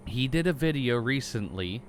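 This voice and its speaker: A man's voice: mid-range voice, expressive, moderate pace. A young man with a mid-range voice co-hosts a loose, joking podcast chat. He makes crude jokes and talks with lots of ums and uhs. Faint room noise runs underneath. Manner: crude joking, hesitant with many fillers. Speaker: podcast co-host. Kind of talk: casual chat.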